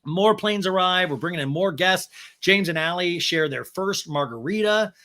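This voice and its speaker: A man with a high, bright, forceful voice runs through a casual reality-show recap. He talks in a chatty, wry way, often breaking into laughter as he goes. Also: lively intonation, normal speed. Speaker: podcast host.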